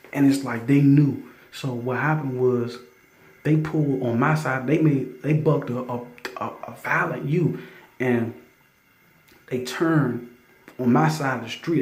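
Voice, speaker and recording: A man telling a spiritual testimony in casual talk, stammering through restarts and breaking into loud scripture readings. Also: mid-range voice. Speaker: testimony storyteller. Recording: roomy echo.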